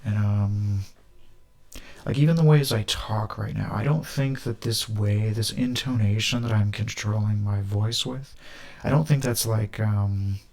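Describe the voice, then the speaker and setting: Man, gravelly low voice, rambling casual monologue, many fillers, flanger-like doubled audio. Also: unhurried, darkish tone. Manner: loose, filler-heavy stream of thought.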